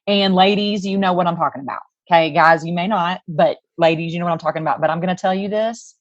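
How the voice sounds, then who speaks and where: A woman's voice: on the low side, fast talker, few pauses, no room sound, highs cut off. A woman co-hosting a podcast, chatting in a bubbly way and laughing easily. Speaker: podcast co-host. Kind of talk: casual podcast chat.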